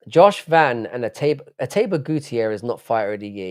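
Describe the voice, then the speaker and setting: A man's voice: medium pitch, lively intonation, a little fast, hardly any pauses, darkish tone. A man in his thirties hosting a live stream, chatting casually, reading out chat and answering bluntly with a lot of swearing. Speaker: livestream host.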